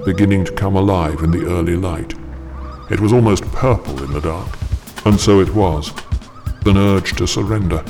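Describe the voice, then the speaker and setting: A man narrating a story with dramatic intensity, pushing his voice much higher whenever he quotes a character. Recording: narration with clear background music.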